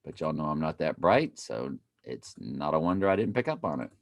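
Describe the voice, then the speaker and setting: A man's voice: rumbling low, big pitch swings, brisk. A man giving casual, playful commentary over a video he plays, repeating phrases in a mock chant and breaking into sudden exclamations.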